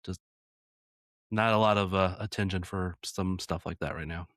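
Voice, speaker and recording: An American man with a fairly low voice co-hosts a soccer show in relaxed chat. He talks in a dry, matter-of-fact way. The sound is close and dry, with no room behind him. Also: normal speed, dry recording. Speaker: podcast co-host. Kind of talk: casual chat.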